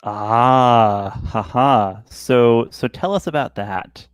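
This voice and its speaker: A man's voice: medium pitch, clear, resonant tone, dry recording. Guy running a tabletop game, rambly, lots of ums, dry close mic. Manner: rambling, halting, many fillers. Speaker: game master.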